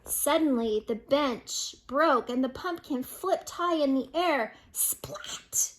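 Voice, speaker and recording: A woman's voice: sits high, animated, takes it slowly, a little hiss or hum. An older woman reading a picture book aloud to children, amused and breaking in with chatty asides. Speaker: storyteller.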